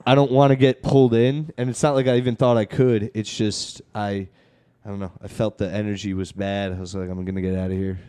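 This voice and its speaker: A man's voice: on the low side, flat delivery, a little fast, warm tone, clean tone. Laid-back swearing podcast host guy. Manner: laid-back, swears casually, laughs often. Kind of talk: casual chat. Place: his apartment.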